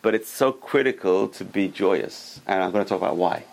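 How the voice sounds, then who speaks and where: A man teaching a Torah class as a rabbi, emphatic and repeating his key words, who tells stories in an animated way. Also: sits low, normal speed, gravelly, rough recording.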